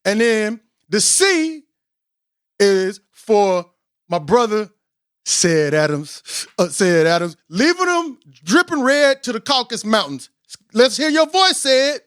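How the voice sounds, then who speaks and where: Hyped-up man hosting a podcast, high voice. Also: slow, dry recording, studio quality. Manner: hyped and playful, keeps telling himself to calm down; slurs and stumbles on names. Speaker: podcast host. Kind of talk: excitable casual podcast interview.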